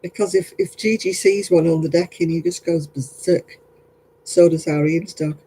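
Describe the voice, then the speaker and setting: Tired, husky-voiced man. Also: on the high side, fairly even intonation, normal speed, mellow, low-quality recording. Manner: chatty, rambling, laughs often. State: tired, yawning. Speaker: craft livestream host. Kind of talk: casual chat with viewers.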